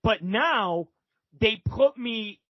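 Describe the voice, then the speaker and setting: A man's voice: high-pitched, expressive, drawn-out words, no echo, highs cut off. A man guest telling a story casually and animatedly, swearing freely and acting out other people's lines. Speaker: podcast guest.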